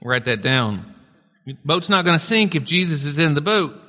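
A man's voice: a little high, expressive, normal speed, sharp tone. A male pastor preaching a sermon in a conversational style, with casual asides to the congregation. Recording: long hall reverb.

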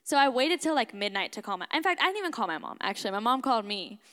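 A young woman in college telling a personal story in an animated, emphatic way, laughing often as a guest on a talk show. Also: on the high side, racing, long reverb tail. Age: young adult. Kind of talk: casual storytelling.

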